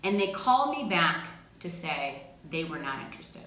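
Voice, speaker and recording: A woman giving an energetic, emphatic motivational talk in a casual, slangy way. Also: sits low, normal speed. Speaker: motivational speaker. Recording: very echoey room.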